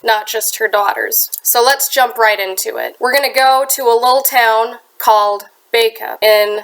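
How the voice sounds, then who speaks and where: A woman's voice: on the high side, fairly even intonation, moderate pace, a bit bright, low-quality recording. A young woman with a Midwestern accent and a stuffy, sinus-clogged voice, hosting a true crime channel and telling the story in an earnest, chatty way with casual asides. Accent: American Midwestern. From United States. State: congested from a sinus infection. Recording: harsh, clipping home recording.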